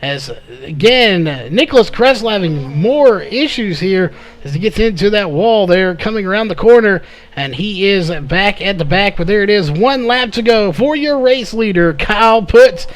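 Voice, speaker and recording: A man calling a live race play-by-play, slightly hoarse from losing his voice, with frequent "uh" fillers. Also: sits high, lively intonation, normal speed. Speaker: race commentator.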